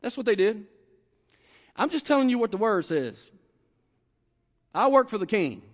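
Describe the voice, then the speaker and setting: A male pastor delivers a sermon in a strikingly high voice. He presses his points by repeating phrases and slowing down. A long reverb trails every line in a large church sanctuary. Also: big pitch swings. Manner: emphatic, repeats phrases and slows down to stress points.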